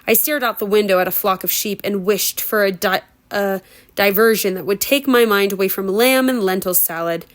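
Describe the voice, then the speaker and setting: A woman's voice: medium pitch, normal speed. A woman reading a novel aloud at home as a homemade audiobook, breaking into giggly, chatty asides. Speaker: reader.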